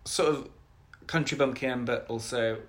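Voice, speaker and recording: A man co-hosting a casual podcast chat, playful and gossipy and quick to giggle. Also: medium pitch, fairly even intonation. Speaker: podcast co-host.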